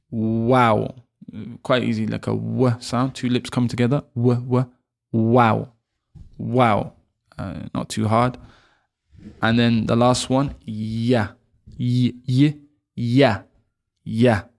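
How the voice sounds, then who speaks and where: A man's voice: medium pitch, gravelly, darkish tone. A man, patiently teaching the alphabet and repeating each sound for learners to copy. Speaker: Arabic teacher. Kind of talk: online alphabet lesson.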